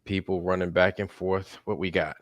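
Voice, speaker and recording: A man's voice: deep voice, little pitch movement, moderate pace, dry recording, clean studio sound. A man hosting a casual live-stream chat, emphatic and profane, often agreeing with his co-host.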